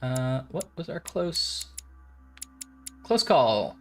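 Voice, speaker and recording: A male streamer talking through a story game with a friend, casual and joking as he reasons out loud. He muses over choices and drifts into silly asides. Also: mid-range voice, very animated, very slow, soft background music. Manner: joking, musing, thinking aloud. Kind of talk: casual let's play chat.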